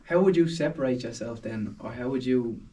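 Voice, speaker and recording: A man's voice: mid-range voice, brisk, dark tone, far from the mic. A man hosting a casual podcast, asking short questions of his guest. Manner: brief questions and backchannels. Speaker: podcast host.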